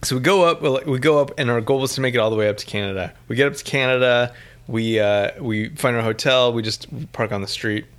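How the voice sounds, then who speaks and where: A man's voice: mid-range voice, quick pace, a bit bright. Easygoing young married man chatting. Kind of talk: casual chat.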